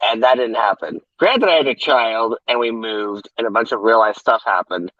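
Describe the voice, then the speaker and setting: A man's voice: fairly low pitch, moderate pace, fairly bright tone, no echo. A man, an author, chatting casually in a loose, self-mocking, profane way. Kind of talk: casual chat. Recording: dull lo-fi audio.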